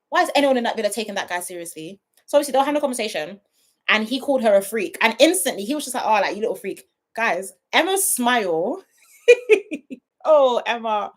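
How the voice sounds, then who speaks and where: A woman hosts a casual live review, talking straight to her audience. Her voice sits fairly high and moves expressively up and down. She often dissolves into laughter as she goes. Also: a little fast. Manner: animated, often breaking into laughter, talking to viewers directly. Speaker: reality TV reviewer hosting a livestream. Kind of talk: casual chat.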